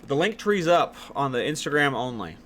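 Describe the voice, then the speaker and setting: A young man streaming live late at night, teasing his chat and jumping from low mumbles to sudden yells. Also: moderate pace, a little hiss or hum. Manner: excitable, teasing, jumps from mumbling to yelling.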